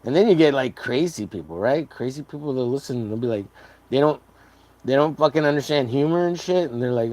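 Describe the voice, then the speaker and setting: A man's voice: medium pitch, brisk, darkish tone, no room sound. A man chatting casually on a livestream while drawing, rambling and joking with lots of swearing. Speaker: artist streaming a drawing session.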